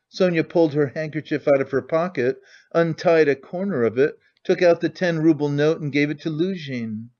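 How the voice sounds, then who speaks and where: A man narrating a classic novel in a measured, dramatic way. His voice sits a bit high for a man. The recording is dull and lo-fi. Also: darkish tone. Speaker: audiobook narrator.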